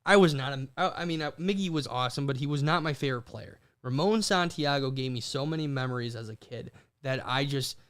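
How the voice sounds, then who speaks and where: A young man co-hosting a podcast, telling stories in animated bursts with quick restarts. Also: medium pitch, clean tone. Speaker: podcast co-host. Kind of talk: casual chat.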